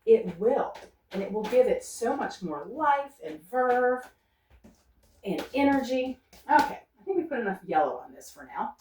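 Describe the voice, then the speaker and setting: A female painter gives an unscripted demonstration in an art studio, thinking aloud and coaxing herself to keep loose instead of fussing over details. Her fairly high, slightly mellow voice is very animated at normal speed; the distant recording has roomy studio acoustics and slight background noise.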